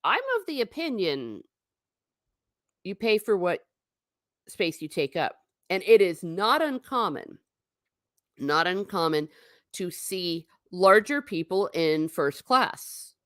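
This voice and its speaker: A woman's voice: slow, long pauses, dry recording, clean studio sound. A middle-aged woman hosting a livestream, chatting casually and rambling, reading comments from chat. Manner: chatty, rambling, animated pitch swings.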